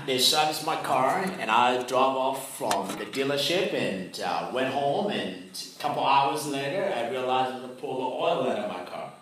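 A man's voice: medium pitch, fairly bright tone. A male pastor preaching a sermon, telling a personal story in a conversational way. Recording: very echoey hall, mic far off, faint noise.

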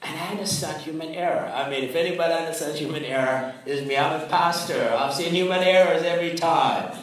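A man's voice: fairly high pitch, brisk. A male pastor preaching a sermon, telling a personal story in a conversational way. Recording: very echoey hall, mic far off, faint noise.

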